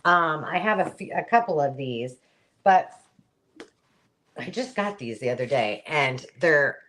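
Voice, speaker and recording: A woman with a low, unhurried voice hosts a live craft sale. She chats her way through each item, pointing out details as she picks them up, in no hurry at all. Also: expressive, a bit bright. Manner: chatty, describing items while handling them. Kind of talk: live selling chat.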